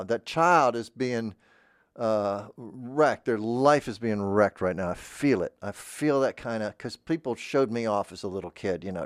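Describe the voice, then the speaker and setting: A man's voice: on the low side, measured pace, no room sound, studio quality. A man in a mock-earnest improvised comedy monologue, playing a voice-acting teacher who rambles and keeps interrupting himself.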